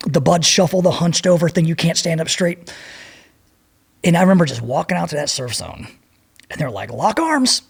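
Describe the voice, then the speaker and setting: Gravelly 50s guy on a podcast, kinda high voice, swears a lot telling old stories. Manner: profane, rambling war-story telling. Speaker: podcast guest, former Navy SEAL. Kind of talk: casual storytelling.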